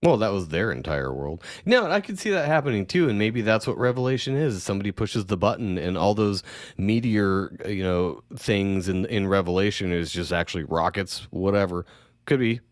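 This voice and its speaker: A man hosting a casual podcast chat, talking in an animated way, swearing and acting out quoted voices. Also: fairly low pitch, moderate pace, no echo, clean studio sound.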